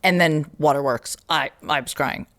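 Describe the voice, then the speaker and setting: Woman, podcast host, slightly low voice, casual storytelling, lively quoted voices. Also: moderate pace. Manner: animated storytelling, acts out quoted voices, laughs often. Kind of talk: casual conversation.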